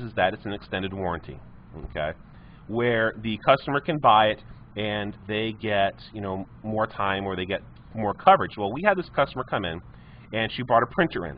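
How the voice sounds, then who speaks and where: A man's voice: fairly low pitch, a little hiss or hum. A man, a technology teacher giving a live classroom lecture with chatty storytelling asides to his students. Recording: muffled lo-fi classroom stream.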